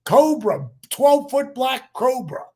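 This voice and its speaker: An older man with a notably high speaking voice tells a rambling story as a podcast guest. He swears freely, leans on fillers, and performs the lines of the people in his story. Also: sing-song, slow, a little mellow, breathy edge. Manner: profane, acts out quotes, lots of fillers. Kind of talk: animated storytelling.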